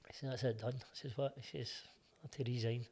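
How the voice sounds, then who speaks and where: Talking fast at a medium pitch, a middle-aged Scottish man who coaches football shares lively anecdotes during an interview. He replays past exchanges in reported speech as he casually spins his stories.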